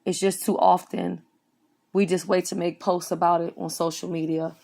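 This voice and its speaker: A woman's voice: lowish voice, level tone, moderate pace, gravelly, a little mellow. A woman giving earnest, serious spoken commentary on a news story as an online commentator.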